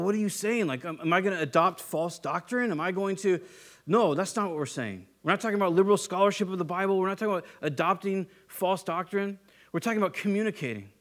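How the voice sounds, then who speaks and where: High-ish voiced guy in his 30s giving a chatty sermon, tells stories on himself, does the voices. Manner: conversational storytelling, acts out quoted voices, laughs at himself. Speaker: pastor.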